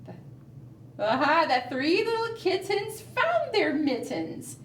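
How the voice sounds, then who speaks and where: A children's librarian leading a preschool storytime, coaxing young children in an animated, encouraging way. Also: female voice, extremely high pitch, takes it slowly. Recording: roomy, from a distance, faint noise.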